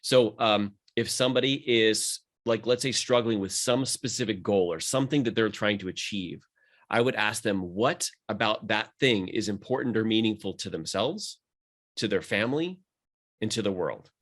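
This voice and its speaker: A man's voice: fairly low pitch, fairly bright tone. A man who is a mindset coach, talking earnestly and with motivation in a podcast conversation. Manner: fast, earnest and motivational, rising with emphasis.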